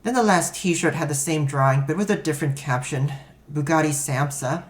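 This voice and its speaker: Low, deep-toned female narrator, dry matter-of-fact story reading. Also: normal speed. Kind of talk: first-person story narration.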